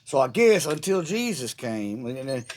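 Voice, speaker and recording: A middle-aged man vlogging in a mid-range voice speaks at normal speed, his pitch swinging widely. He rambles through a long, sarcastic, irreverent rant, casually restarting and repeating words.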